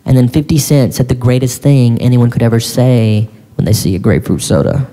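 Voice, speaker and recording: A man performing stand-up comedy, telling a story in an animated, incredulous way with sudden shouts. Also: medium pitch, brisk. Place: live comedy venue on stage. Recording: live stage in a reverberant hall with faint crowd ambience.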